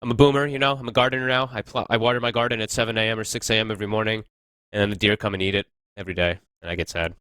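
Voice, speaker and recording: Guy casting esports, low voice, talks fast, chatty and thinks out loud, dry close sound. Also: steady tone, clear, resonant tone, no echo. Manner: chatty, analytical, thinks aloud. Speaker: esports caster. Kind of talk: casual esports commentary.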